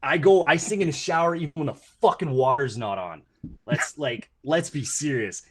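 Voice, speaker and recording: A man's voice: a little high, moderate pace, a bit bright, slightly rough. A man from Canada, a musician guest on a podcast, joking crudely and rambling in profane, self-mocking chat.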